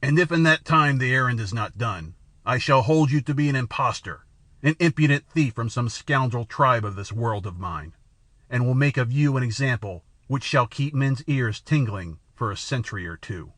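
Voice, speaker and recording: A man's voice: medium pitch, lively intonation, normal speed, fairly bright tone, no echo. A man voicing a haughty, superstitious alien king with a scornful, menacing manner in an audiobook reading. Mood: savage. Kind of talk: audiobook character voice.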